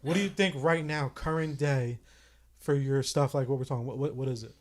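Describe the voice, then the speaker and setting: A man's voice: mid-range voice, steady tone, a little fast. A man in his thirties hosting a casual podcast chat, candid and reflective, swearing casually as he talks. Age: 30s. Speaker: podcast host.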